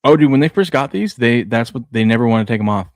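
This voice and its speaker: A man's voice: mid-range voice, lively intonation, fast, darkish tone, no room sound, studio quality. A man in his thirties, a sports show co-host, chatting casually and telling laid-back stories about his kids. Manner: laid-back storytelling with laughs. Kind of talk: casual chat.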